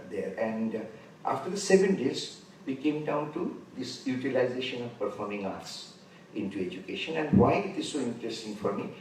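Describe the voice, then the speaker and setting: A man of about seventy with an Indian English accent, giving an unhurried conference lecture and pausing often to gather his thoughts. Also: mid-range voice. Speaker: conference speaker. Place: large conference hall. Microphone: distant room mic. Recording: very echoey hall, voice far from mic, faint noise.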